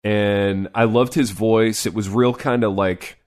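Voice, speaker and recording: A man's voice: on the low side, fairly even intonation, unhurried. A man co-hosting a sports podcast in casual chat, loose and rambling with lots of filler words.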